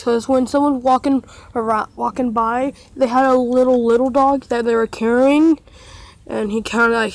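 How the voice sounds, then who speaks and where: A woman's voice: vocal fry, darkish tone. A woman vlogging casually outdoors beside her house, talking chattily and cooing at a cat, recorded on a handheld phone. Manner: chatty, coos at the cat in a higher voice. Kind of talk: casual vlog chat.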